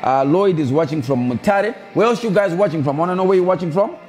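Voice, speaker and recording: A man's voice: high voice, animated, fast, darkish tone, soft background music. A man hosting a live stream, chatting casually with viewers and repeating his calls to them. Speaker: live show host.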